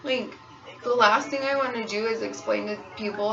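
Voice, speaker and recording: A woman's voice: mid-range voice, a little fast, gravelly, fairly bright tone, distant mic, faint music behind. A young woman who works as a waitress, talking candidly in a personal vlog about her own experience. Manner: candid, frank, storytelling. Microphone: phone camera. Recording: dull lo-fi phone recording, voice a bit off-mic, pop song playing behind. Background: pop song playing on repeat.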